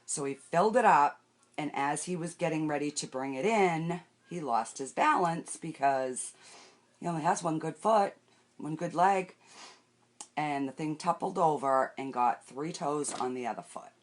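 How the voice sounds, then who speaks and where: Speaking at a measured pace in a low, deep-set voice, an older woman runs a casual makeup live stream. She wanders through stories of her day, welcomes viewers by name as they join, and keeps talking as she cleans her face and applies makeup.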